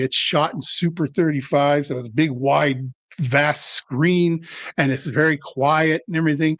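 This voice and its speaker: A middle-aged actor talking as an interview guest, telling rambling, self-deprecating stories. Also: male voice, fairly high pitch, no room sound. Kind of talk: casual interview storytelling.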